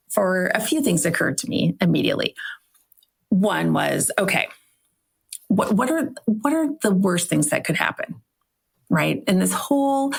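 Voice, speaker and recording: Chatty gravel-voiced woman podcaster. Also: mid-range voice. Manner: chatty, self-questioning, frequent "right?" tags. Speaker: podcast host. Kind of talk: solo podcast storytelling.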